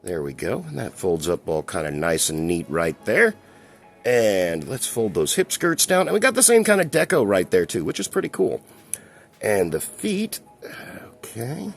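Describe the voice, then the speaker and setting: A man's voice: low voice, huge pitch swings, a little slow, creaky, faint music behind. A man casually reviewing a collectible toy, chatty and rambling, with a chuckle now and then. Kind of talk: casual toy review while handling a figure.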